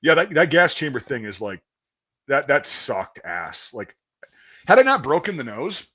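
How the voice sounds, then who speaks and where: Man, casual podcast storyteller, very expressive pitch, crude and animated. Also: a little slow, breathy edge, muffled recording. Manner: animated, profane, acts out quotes loudly. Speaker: podcast host telling a story.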